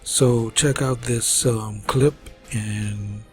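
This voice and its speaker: Slow, lecturing man over music. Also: mid-range voice, fairly even intonation. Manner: deliberate, lecturing, halting with fillers. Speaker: commentary host. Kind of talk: religious-history commentary. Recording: over loud background music.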